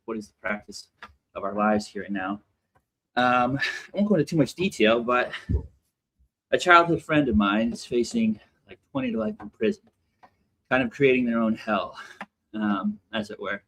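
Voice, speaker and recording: A man's voice: mid-range voice, very animated, moderate pace, pauses often, a bit bright, rough recording. A man calling in during a walk on his lunch break, a little out of breath, sharing personal thoughts in a casual way. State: slightly out of breath from walking. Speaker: caller. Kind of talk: casual chat.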